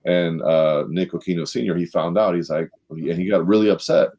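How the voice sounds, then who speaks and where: Deep, mellow-voiced man telling a story. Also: normal speed. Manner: animated storyteller, acts out quotes with rising pitch. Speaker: panel guest, former sales director. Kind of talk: storytelling in a leadership panel talk.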